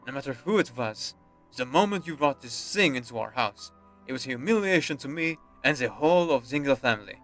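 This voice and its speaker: A man's voice: medium pitch, fairly bright tone, natural voice. A man voicing a haughty, scornful aristocratic father. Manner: cold, contemptuous, scolding.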